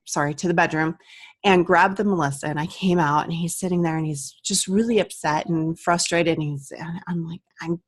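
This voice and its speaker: A woman's voice: fairly low pitch, fairly even intonation, a little fast. A woman in her thirties, an aromatherapist, earnestly telling a personal story to the camera. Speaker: aromatherapist and vlogger.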